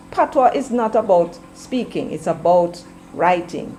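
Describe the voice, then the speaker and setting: A middle-aged woman with a Jamaican accent, delivering opinionated political commentary in a forceful, preachy way and slipping into patois. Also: medium pitch, expressive, unhurried, a little hiss or hum, rough recording.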